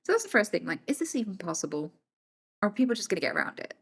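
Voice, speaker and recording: A woman's voice: mid-range voice, sing-song, quick pace, slightly rough. A British woman streaming live, answering her chat casually and bluntly, swearing freely and moving between jokes and serious points.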